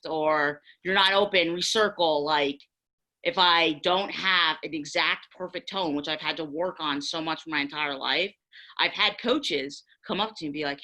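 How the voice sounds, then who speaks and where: A young woman on a panel discussion, candidly telling stories with lively acted-out quotes. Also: lowish voice, a little slow, rough recording.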